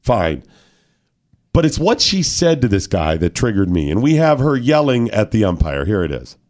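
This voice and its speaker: A man's voice: lowish voice, sing-song, normal speed, a little mellow. A man hosting a talk radio show, ranting emphatically with mocking quotes. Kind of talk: opinionated talk radio commentary.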